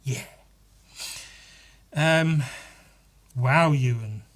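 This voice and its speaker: A man's voice: mid-range voice, very slow. A man hosting his own podcast in a casual solo monologue, rambling and self-deprecating and swearing now and then. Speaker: podcast host.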